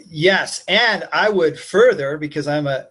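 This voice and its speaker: Breathy man coaching, slightly higher pitch. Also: unhurried, fairly bright tone. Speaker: host and life coach. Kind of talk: coaching conversation.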